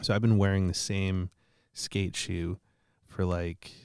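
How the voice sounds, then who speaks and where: A man's voice: deep voice, flat delivery, slow pace, smooth, no room sound, clean studio sound. A man telling a rambling, profane, self-mocking story in casual podcast chat.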